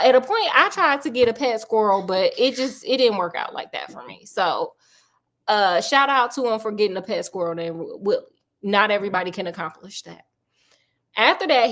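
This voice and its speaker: A woman's voice: a little high, a bit bright. A woman host telling a true story in a casual, sassy, chatty way, full of slang asides.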